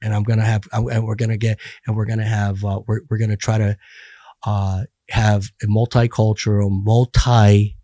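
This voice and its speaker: A man's voice: fairly low pitch, flat delivery, moderate pace, warm tone, no echo, studio quality. A middle-aged man talking bluntly and profanely as a podcast guest, rambling with many restarts. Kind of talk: casual podcast conversation.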